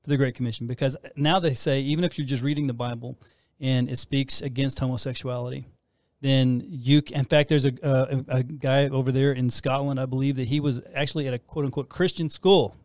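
A man hosts a casual faith talk show, and his talk rambles with frequent restarts. His voice sits at an average pitch. The recording is dry and close. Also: fairly even intonation, a little fast, darkish tone, no echo. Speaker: host.

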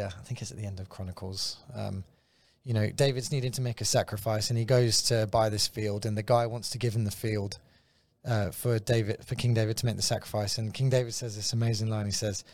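A man's voice: fairly low pitch, darkish tone, dry recording. A man from London with a British accent, a guest speaking thoughtfully in a casual Christian talk show. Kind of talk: casual faith conversation.

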